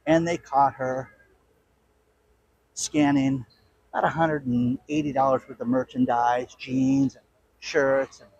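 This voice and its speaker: A man's voice: medium pitch, takes it slowly, long pauses, darkish tone, dull audio, a little hiss or hum. A man in a played social media clip, telling a story in a preachy, lecturing tone.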